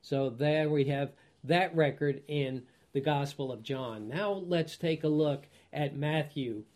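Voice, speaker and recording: A man's voice: on the high side, slow pace, a little mellow. A man teaching a Bible study, reading scripture aloud and then explaining it, often chuckling and checking in with his listeners. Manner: asks listeners rhetorical check-in questions.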